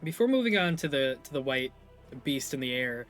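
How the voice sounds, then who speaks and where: A man's voice: medium pitch, very animated, fairly quick, fairly bright tone, faint music behind. A man narrating as game master of a tabletop game, rambling and correcting himself as he goes.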